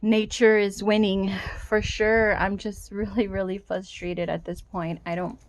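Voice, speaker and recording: A woman's voice: medium pitch, little pitch movement, unhurried, no echo. A woman vlogging in her yard about work on her rural home, talking frankly and swearing freely as she gets frustrated. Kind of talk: casual vlog monologue. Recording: faint wind and outdoor noise.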